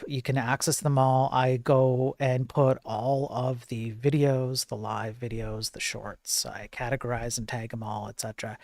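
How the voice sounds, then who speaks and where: A man with a mid-range, slightly mellow voice hosts a relaxed live-streamed tech news show. His talk is rambling and chatty, packed with fillers and jokey comments to his chat, and the studio-quality audio has no room sound.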